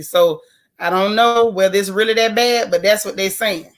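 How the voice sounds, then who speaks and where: Raspy woman chatting. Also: mid-range voice, normal speed. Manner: chatty, folksy and outspoken, with Southern colloquial phrasing. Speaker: live stream host reading viewer comments. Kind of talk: casual live-stream chat.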